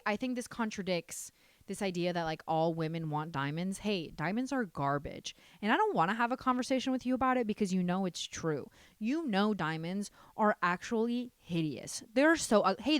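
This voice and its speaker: Twenties woman podcasting solo, sassy n swears a lot, smooth voice, super dry sound. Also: medium pitch, moderate pace, dry recording. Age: 20s. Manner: sassy, animated, swears freely. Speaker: podcast host. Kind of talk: casual solo podcast chat.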